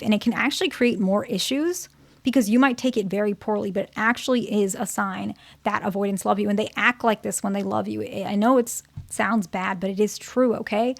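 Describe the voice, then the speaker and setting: A woman therapist talks viewers through relationship advice in a relaxed, conversational way. She keeps checking in with "okay?" and "right?" Her voice sits at an everyday middle pitch, and the sound is close and dry. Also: vocal fry, no room sound. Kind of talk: casual advice talk to her channel's viewers.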